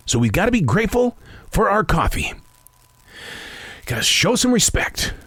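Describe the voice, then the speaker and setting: A podcast host in his fifties talks alone in a casual monologue, rambling and reflecting on himself. He stammers and restarts a lot, and his fairly high voice swings widely in pitch. The recording is close and dry. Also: gravelly, fairly bright tone, dry recording. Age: 50s.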